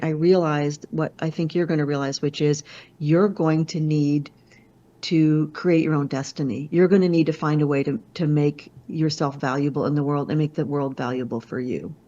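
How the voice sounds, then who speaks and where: A woman who is a motivational speaker, telling a personal story in an expressive way, with many restarts and asides. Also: low voice. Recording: slightly muffled lo-fi audio.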